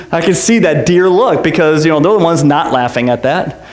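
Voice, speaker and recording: A man's voice: fairly high pitch, reverberant. A man preaching a sermon as pastor, conversational and joking, full of rhetorical questions. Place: church sanctuary.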